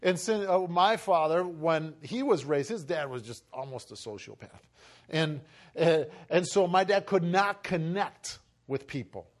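High-voiced man preaching with halting restarts. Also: expressive. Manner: emotional, acts out family voices, rising to shouts; halting with many fillers and restarts. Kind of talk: sermon with personal story.

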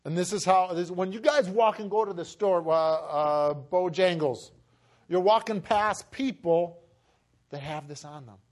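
A man with a notably high voice preaches a sermon, weaving in a personal story. He talks haltingly, with frequent fillers and restarts. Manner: emotional, acts out family voices, rising to shouts.

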